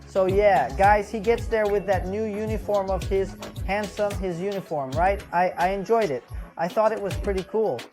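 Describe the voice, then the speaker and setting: Casual rambling episode recap, reviewer says bro a lot, middle pitch, faint music under it. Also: normal speed. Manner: rambling, chatty, tags "right?" and "bro". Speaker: show reviewer.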